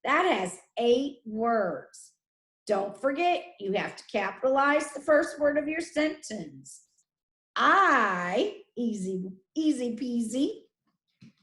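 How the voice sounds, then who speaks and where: A woman teacher slowly dictating spelling words and sentences to her class, repeating each word deliberately. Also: fairly high pitch, expressive, reverberant.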